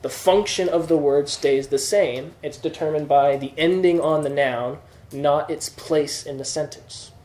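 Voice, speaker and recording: A man's voice: on the high side, measured pace, a little mellow. A man teaching a classroom lesson, explaining patiently and checking that students follow. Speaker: Greek teacher. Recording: echoey room.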